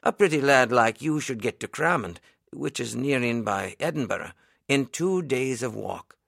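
A man's voice: medium pitch, expressive, vocal fry, fairly bright tone, dry recording, clean studio sound. A man doing a solemn old country minister. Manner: solemn, measured, old-fashioned speech. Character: elderly male country minister, earnest and kindly. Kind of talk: audiobook character reading.

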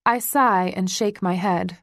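A woman narrating a first-person romance audiobook in a slow, intimate reading voice. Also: mid-range voice, a bit bright, no echo, studio quality.

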